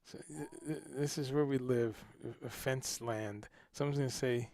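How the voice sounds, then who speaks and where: A man hosting a casual livestream chat, animated and joking, who swears casually and greets viewers by name. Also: mid-range voice, moderate pace, few pauses, dry recording, clean studio sound. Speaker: livestream host.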